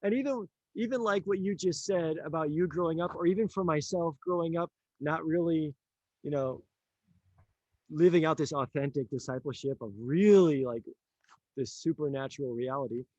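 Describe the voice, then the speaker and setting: A man telling a story in a casual conversation, animated, acting out the lines of the people in it and laughing often. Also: fairly high pitch, moderate pace, no echo, lo-fi sound. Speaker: author and teacher.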